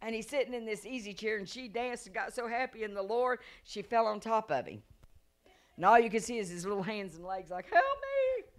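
A middle-aged woman evangelist preaching a revival sermon, telling stories with acted-out voices and rising to a loud preaching cadence. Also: mid-range voice, brisk. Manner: animated storytelling, acts out voices and gasps.

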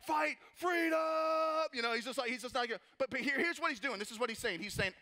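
A man preaching a sermon as pastor, energetic, asking rhetorical questions and tossing in playful asides. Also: extremely high pitch, rapid-fire.

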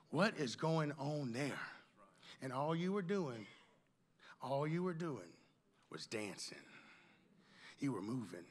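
Middle-aged guy preaching hard, high bright voice, pumped up and loose, keeps calling out to the crowd. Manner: exuberant, animated preaching with calls to the crowd. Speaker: pastor. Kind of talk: conference sermon.

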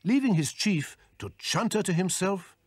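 A man reading scripted storybook narration in a lively, expressive way. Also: high-pitched, moderate pace, slightly rough, dry recording.

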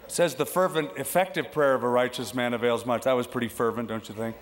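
A man preaching a sermon as pastor, lively and conversational, acting out the voices he quotes. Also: quick pace. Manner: animated, acts out quoted voices with big pitch jumps. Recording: long hall reverb.

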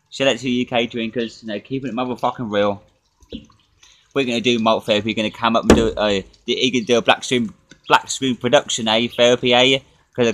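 A man's voice: on the low side, fairly bright tone, slight background noise. A man ranting and swearing at his critics in a casual drinking vlog, recorded outdoors in a garden. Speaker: drinking vlogger.

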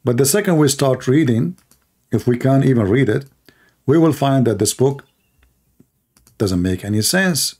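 A man's voice: mid-range voice, lively intonation, moderate pace, long pauses, a little mellow, husky. A man hosting a live call-in stream, mocking and repeating his phrases as he talks to callers and the audience.

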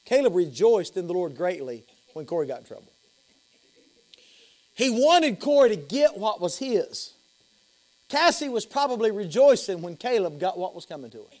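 High-voiced Southern preacher. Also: male voice, big pitch swings, moderate pace. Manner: emphatic, repeats phrases, swings from loud to hushed. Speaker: pastor. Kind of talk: sermon.

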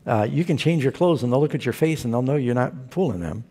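A man's voice: medium pitch, expressive, quick pace, dark tone, slightly rough. A male pastor preaching a sermon, telling stories with humor and asking his listeners questions. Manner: humorous storytelling preacher who asks the audience questions.

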